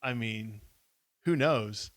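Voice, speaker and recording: A man's voice: mid-range voice, slow, fairly bright tone, dry recording, studio quality. A man co-hosting a podcast who reads a kids' adventure book aloud steadily and adds wry comments. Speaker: podcast co-host. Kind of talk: casual live book reading.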